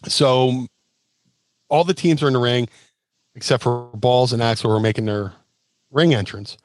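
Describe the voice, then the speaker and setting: A man's voice: mid-range voice, fairly even intonation, moderate pace, no echo. A man telling stories as a guest in casual chat, acting out quotes and sound effects. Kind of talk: casual storytelling.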